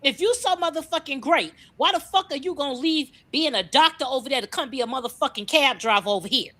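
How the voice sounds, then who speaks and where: Woman on a heated profane rant; high, sharp voice, relentless rhetorical questions. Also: fast. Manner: furious, profane, rhetorical questions, repeats herself.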